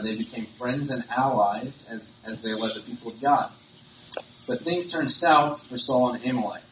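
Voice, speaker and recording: A man delivering a sermon in a conversational way, with many fillers and restarts. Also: mid-range voice. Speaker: preacher. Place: church or meeting hall. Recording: roomy, distant, dull lo-fi recording with faint hiss.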